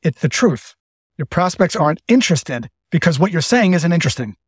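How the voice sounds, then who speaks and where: Brief: male sales coach, high-pitched and direct, dry close sound. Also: very animated, brisk, slightly rough, no echo. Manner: direct, storytelling with quoted dialogue. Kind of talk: short sales advice monologue.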